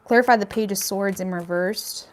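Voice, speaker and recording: Woman, tarot reader, casual chatty monologue, talks straight to viewers, mid-pitched voice. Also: normal speed, slight background noise. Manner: chatty, hedging with "I feel like", addressing viewers directly.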